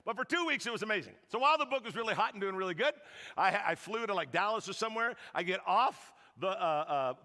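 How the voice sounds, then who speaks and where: A man preaching a sermon as a pastor, telling a story in an animated, joking way and acting out the lines of the people in it. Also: high voice. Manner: animated, joking, acts out quotes. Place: church hall. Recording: long reverb of a large hall.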